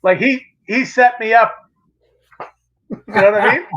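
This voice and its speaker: A man, a magazine publisher, telling a fishing anecdote in a casual, animated way with many restarts. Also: extremely high pitch, unhurried, highs cut off. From Canada. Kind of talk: casual storytelling on a live show.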